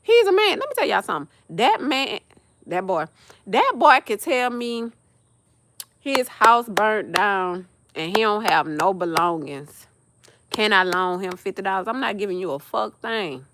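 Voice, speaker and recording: A woman's voice: medium pitch, normal speed, slight background noise. A young woman, hosting a livestream and talking in a blunt, profane, casual rant. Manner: blunt, profane, animated ranting with laughs. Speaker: livestream host. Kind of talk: casual chat.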